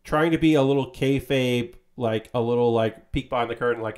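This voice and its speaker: A man's voice: mid-range voice, brisk, few pauses, a little mellow. A man streaming, casually chatting while he builds a model kit, rambling with lots of fillers and a bit of swearing.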